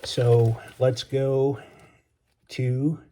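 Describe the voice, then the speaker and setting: A man reads a chapter of his own novel aloud as an author and teacher, easy and relaxed. His tone is mellow and dark at an average pitch. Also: very slow, a little hiss or hum. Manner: casual, relaxed greeting. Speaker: author and educator.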